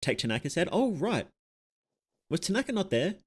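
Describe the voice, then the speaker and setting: A man's voice: sits high, very animated, normal speed, slightly rough. An Australian man streaming a game, rambling casually and breaking off mid-thought to comment on what he is doing. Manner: rambling and chatty, with self-interrupting asides. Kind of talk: casual gameplay chat.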